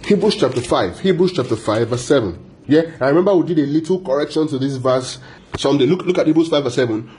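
A man preaching a Bible sermon, repeating phrases for emphasis, asking the listeners questions and stretching key words out slowly. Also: a little high, expressive, a little mellow, a little hiss or hum.

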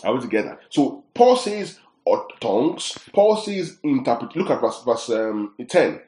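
A man's voice: medium pitch, big pitch swings, measured pace, darkish tone. A man teaching a sermon, emphatic and often checking that his listeners follow. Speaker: preacher. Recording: echoey room.

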